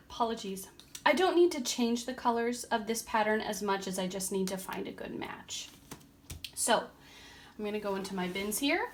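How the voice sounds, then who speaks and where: A woman vlogger giving a casual, chatty craft tutorial at home, relaxed, with frequent ums and a tired, yawning edge. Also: a little high, noisy background. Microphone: camera on a tripod.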